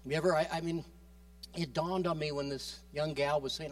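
A man preaching a sermon with passion, moving between loud urging and quiet soft passages, often repeating and restarting his words. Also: fairly high pitch, steady tone, moderate pace, distant mic.

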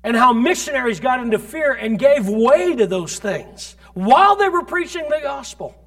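A man preaching as a pastor, telling stories from his ministry with emphatic delivery that rises to loud peaks. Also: very high voice, big pitch swings, moderate pace. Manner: storytelling, recounting ministry experiences. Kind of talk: sermon.

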